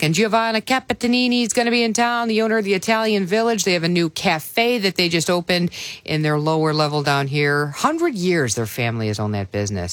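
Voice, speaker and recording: A woman's voice: low-pitched, dry recording. A woman hosting a morning radio show, chatting and telling stories in a casual, easygoing way. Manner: chatty, storytelling, laughs easily. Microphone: studio microphone.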